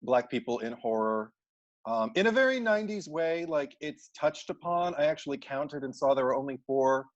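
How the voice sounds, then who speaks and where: A man's voice: on the high side, animated, normal speed, dull audio. A man co-hosting a casual movie discussion, thoughtful and analytical, often restarting his sentences. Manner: thoughtful, analytical, self-correcting. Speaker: podcast co-host.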